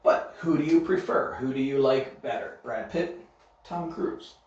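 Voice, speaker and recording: A man teaching English grammar in a recorded online lesson, speaking slowly and deliberately and checking in with "okay?" after each point. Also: medium pitch, darkish tone. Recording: very echoey room, distant mic, dull sound.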